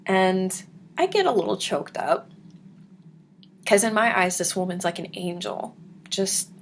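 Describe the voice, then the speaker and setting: Slow, gravelly-voiced woman vlogger. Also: medium pitch, lively intonation, a little hiss or hum. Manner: earnest, emotional, soft-spoken. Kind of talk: casual storytelling to camera.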